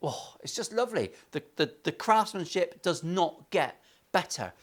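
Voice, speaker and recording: A man's voice: sits high, sing-song, moderate pace. A man with an English accent, talking through a guitar build in his workshop with crude jokes and a lot of swearing. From England. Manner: crude, swearing, joking asides. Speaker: luthier. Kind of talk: workshop vlog banter.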